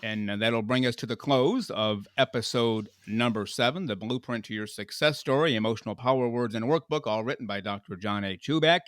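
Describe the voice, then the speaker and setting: A man's voice: mid-range voice, a little fast, few pauses, a bit bright, no echo. Upbeat male podcast host, dry sound. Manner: upbeat, wrapping up with brief filler "uh"s. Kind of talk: podcast sign-off.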